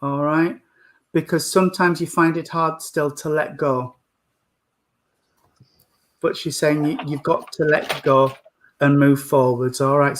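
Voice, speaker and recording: A man working as a medium, gently giving a live reading and calling the sitter sweetheart and darling. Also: a little high, slight background noise.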